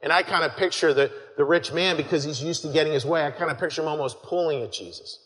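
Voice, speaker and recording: A man's voice: fairly high pitch, fast, a bit bright. A man preaching a conversational sermon, earnest and full of restarts, calling his listeners folks. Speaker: pastor. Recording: long hall reverb.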